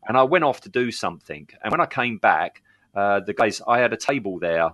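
A man co-hosting a casual podcast chat, telling anecdotes and quoting people in animated put-on voices. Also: on the low side, a little fast, dry recording. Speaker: podcast co-host.

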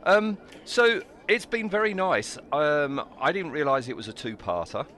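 A man's voice: a little high, a little slow. A man co-hosting a podcast, chatting casually with lots of ums and restarts. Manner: hesitant, animated, with many ums. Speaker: podcast co-host. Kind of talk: casual chat.

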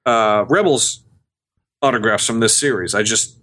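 A man's voice: on the low side, a little slow, bright, forceful tone. A man co-hosting a podcast over a video call, talking casually and hesitantly, often searching for words. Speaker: podcast co-host.

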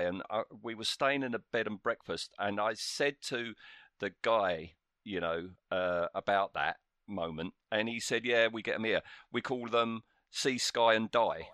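A man's voice: on the low side, a bit bright, dry recording. A man from the UK co-hosting a casual podcast, telling anecdotes with dry humour. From United Kingdom. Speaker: podcast co-host. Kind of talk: casual chat.

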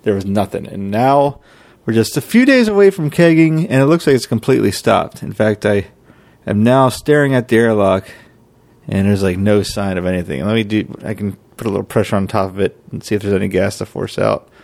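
A man's voice: fairly low pitch, fairly quick, gravelly, a little mellow, no echo. A man hosting a podcast, giving a casual, rambling update and thinking aloud as he goes. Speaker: podcast host, home brewer.

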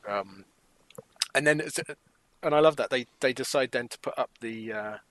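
A man's voice: medium pitch, normal speed, fairly bright tone, no echo, rough recording. Chatty man, dry close sound. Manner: chatty, jokey, acts out quotes. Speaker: podcast co-host. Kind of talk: casual chat about a TV show.

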